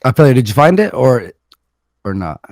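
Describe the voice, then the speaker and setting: Abwehrender Mann, trockener Klang. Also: male voice, medium pitch, big pitch swings, moderate pace, a little mellow, dry recording. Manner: defensive, self-deprecating. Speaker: guest, former stand-up comedian. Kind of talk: casual chat on a livestream.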